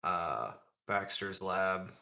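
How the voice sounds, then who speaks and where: Tabletop player, man, very slow and hesitant, bright tone. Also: sits low, lively intonation, gravelly. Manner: hesitant, short replies. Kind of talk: tabletop game play.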